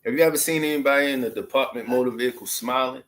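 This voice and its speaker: A man in his thirties, originally from Maryland, talks straight to the camera in a loose, casual storytelling monologue. His speech is slangy and full of asides, and his voice sits at an ordinary middle pitch. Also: very fast, a bit bright. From Maryland, USA. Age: 30s. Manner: loose, slangy street talk with many asides. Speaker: vlogger.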